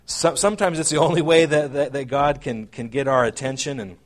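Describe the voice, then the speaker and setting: A man preaching a sermon, earnest and halting, often repeating words as he explains scripture and reads old-style verses aloud. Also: mid-range voice. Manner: reads scripture aloud in King James wording. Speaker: pastor.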